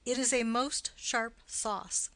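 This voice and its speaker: A woman's voice: fairly high pitch, a bit bright. A woman reading a mocking young nobleman. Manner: quick, punning banter. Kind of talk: audiobook reading of a play.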